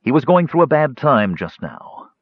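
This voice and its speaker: A man narrating a fantasy audiobook in a varied, expressive storytelling manner. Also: mid-range voice, normal speed, husky, no echo. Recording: dull dry studio recording.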